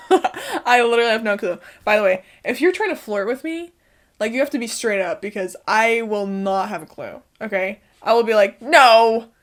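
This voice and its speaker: A young woman vlogging from home in a loose, chatty way. Her voice sits a little high, and she swears casually and laughs often between thoughts. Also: fairly bright tone. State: out of breath. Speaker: spiritual lifestyle vlogger. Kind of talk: casual chat to camera.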